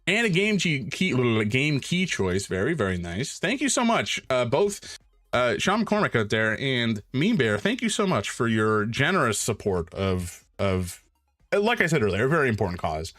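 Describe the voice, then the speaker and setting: Animated, excitable man streaming. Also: medium pitch, normal speed, no room sound, clean studio sound, faint music behind. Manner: animated and excitable, jokey, thanks donors. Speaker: streamer hosting a charity stream. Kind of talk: casual live-stream chat while drawing.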